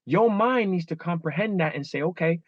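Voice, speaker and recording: Guest, man in his 30s, candid and animated, higher voice, dry muffled recording. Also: a little fast, no echo. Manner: animated, acts out inner dialogue with shifting pitch. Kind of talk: candid interview talk.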